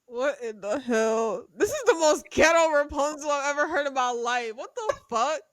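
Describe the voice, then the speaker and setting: A woman's voice: high voice, expressive, normal speed, dry recording. A woman podcast co-host improvising a comedic role-play, giggly and profane, often breaking into laughter.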